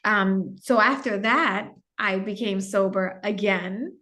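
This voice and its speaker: A middle-aged woman, a podcast guest, telling a personal story in a candid, reflective way with some halting restarts. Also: mid-range voice, sharp tone. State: gets emotional at times.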